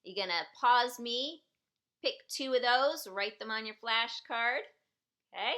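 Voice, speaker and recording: A woman leads a citizenship lesson at a deliberately slow pace, repeating questions and sample sentences for her learners. Her voice is bright and clear, and she stays patient and encouraging throughout. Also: a little high. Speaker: citizenship class teacher. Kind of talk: slow, clearly enunciated teaching.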